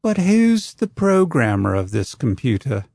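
A man's voice: medium pitch, big pitch swings, a little slow, gravelly, a little mellow, no room sound, clean studio sound, exaggerated voice. A man voicing a blunt, uneasy male craftsman who presses with questions in a storybook reading. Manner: insistent, questioning.

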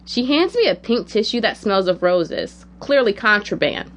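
A woman narrating a personal story in the first person, in a quiet, measured, reflective way. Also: medium pitch, animated.

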